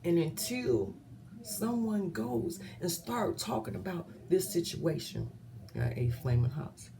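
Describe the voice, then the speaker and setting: A woman vlogger giving impassioned commentary, earnest and often dropping to a hushed whisper. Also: lowish voice, sing-song, slow pace, vocal fry, slight background noise.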